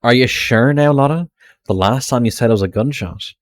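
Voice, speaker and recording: A man voicing a loud, brash woman photographer in a put-on Southern US drawl, with game music behind. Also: medium pitch, fairly quick, close to an everyday voice. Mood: insistent.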